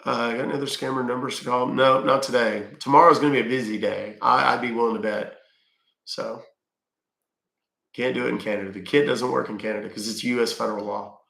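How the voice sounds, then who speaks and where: A man's voice: medium pitch, steady tone, fairly quick, gravelly, pushed and bright, reverberant. A man hosting a casual livestream, chatting with his viewers and answering their questions with easygoing fillers. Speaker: livestream host reading chat. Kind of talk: casual chat.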